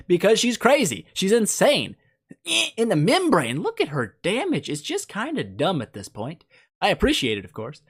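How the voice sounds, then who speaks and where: A mobile game YouTuber with a slightly high voice gives casual gameplay commentary. He jokes around and teases the characters with playful mock insults.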